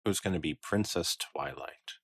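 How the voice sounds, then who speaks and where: Deep-voiced man with dry quips. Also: normal speed, gravelly, a bit bright, husky, no room sound. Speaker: podcast co-host. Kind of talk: casual chat.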